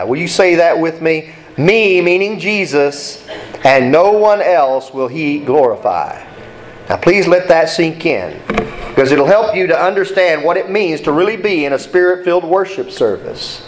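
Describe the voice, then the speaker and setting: Man, high voice, preaching, emphatic, repeats points for the congregation. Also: poor audio. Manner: emphatic, repeats key points, asks the congregation to read along. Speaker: pastor. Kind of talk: sermon.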